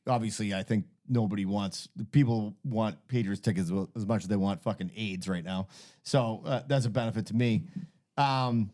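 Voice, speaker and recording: A man's voice: lowish voice, mellow. A man, hosting a podcast and telling a long, profane, rambling story in casual chat. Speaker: podcast host.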